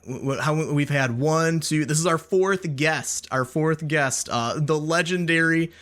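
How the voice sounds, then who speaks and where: Man, podcast host, bright forceful voice, upbeat, halting, many restarts, casual chat. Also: on the high side.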